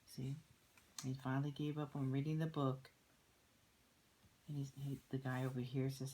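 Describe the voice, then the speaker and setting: An older woman reading a children's picture book aloud, soft-spoken and often slipping into a whisper. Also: very deep voice, little pitch movement, normal speed, long pauses, rough recording.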